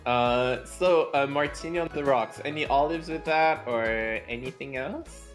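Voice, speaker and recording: A woman's voice: deep voice, unhurried, soft background music. A woman playing a tabletop game in character, talking in a coaxing, playful way. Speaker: player.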